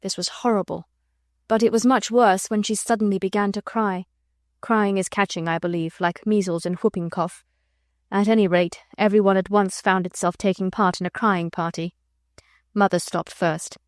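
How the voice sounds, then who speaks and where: A woman narrating a classic children's novel as an audiobook, in a gentle storytelling manner. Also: medium pitch, fairly even intonation, normal speed, no echo, studio quality. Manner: gentle storytelling, voicing children and adults lightly. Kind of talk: scripted narration.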